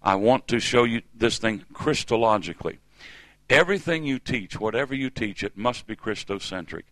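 A man's voice: medium pitch, expressive, normal speed, a bit bright, dry recording, low-quality recording. A middle-aged man preaching a sermon in a church service, emphatic and calling on the congregation to respond.

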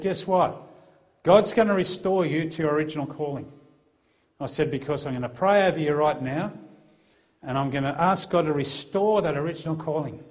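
A man's voice: mid-range voice, a little mellow. A middle-aged man, a former police officer, gives a personal testimony to a live audience in a conversational way, acting out the dialogue with a lifted voice. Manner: conversational storyteller who acts out the dialogue, lifting his voice for quotes.

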